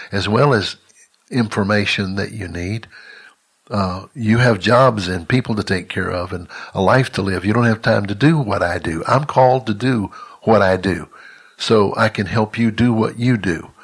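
An older man delivering a monthly teaching message as a ministry leader, earnest and halting, often restarting his words. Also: lowish voice, husky.

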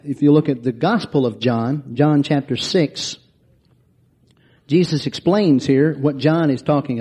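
Mellow-voiced man preaching a sermon. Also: fairly high pitch, breathy edge. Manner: expository, reads scripture aloud and explains it.

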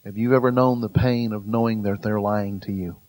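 A man teaching a Bible study in an earnest way, growing louder and slower to stress key phrases. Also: on the low side, fairly even intonation, poor audio.

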